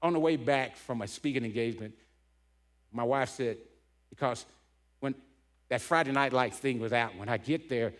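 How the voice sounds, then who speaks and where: A man's voice: medium pitch, normal speed, pauses often. A middle-aged man giving a heartfelt storytelling talk as a keynote speaker, punctuating points with "right?". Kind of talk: emotional storytelling talk to a men's gathering.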